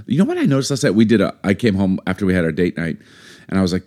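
A middle-aged man co-hosting a podcast, chatting and joking with his wife in animated banter. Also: low voice, very fast. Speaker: podcast co-host. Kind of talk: casual chat.

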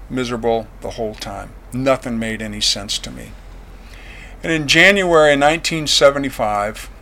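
A man giving a personal testimony as a veteran, plain-spoken and earnest, going quiet on painful memories. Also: mid-range voice, gravelly, slight background noise.

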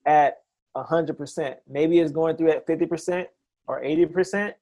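A man's voice: a little high, steady tone, mellow. A man who works as a chiropractor, talking eagerly in a casual interview, often restarting his sentences. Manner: enthusiastic, talks in quick bursts with many restarts.

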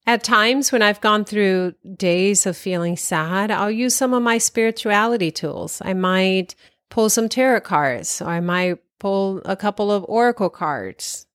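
A woman's voice: medium pitch, unhurried, no room sound, studio quality. A woman talking directly to the listener with self-care advice, encouraging and often laughing lightly. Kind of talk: casual advice talk.

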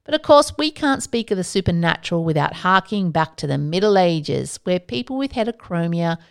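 A woman's voice: fairly low pitch, big pitch swings, fairly quick, vocal fry, clean tone. A woman hosting a solo podcast, talking casually with playful asides and self-mocking jokes. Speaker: podcast host.

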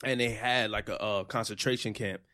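A man's voice: lowish voice, steady tone, bright, forceful tone. Laid-back man hosting a casual chat. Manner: laid-back, halting, with frequent um and uh.

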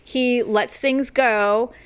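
A woman co-hosting a comedy podcast, telling stories in a frank, animated way with frequent laughter. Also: on the high side, drawn-out words, smooth, no echo. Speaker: podcast co-host. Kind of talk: casual comedic chat.

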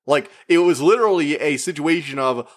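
A man giving a casual, rambling spoken movie review, chatty and full of fillers, who acts out the characters' lines in quick put-on voices. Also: on the high side. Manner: rambling, with frequent fillers and restarts. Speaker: media reviewer.

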